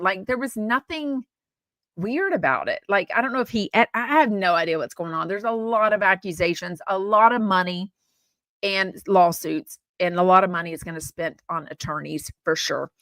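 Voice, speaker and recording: A woman's voice: mid-range voice, moderate pace, fairly bright tone, no echo. A woman hosting a podcast, chatting about gossip in a rambling way with lots of fillers and asides. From Texas. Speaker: podcast host. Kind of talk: casual gossip chat.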